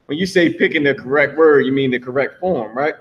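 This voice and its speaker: A man's voice: medium pitch, a little fast, dull audio. A man teaching a live language class in a loose, slangy way, repeating words as he builds each point.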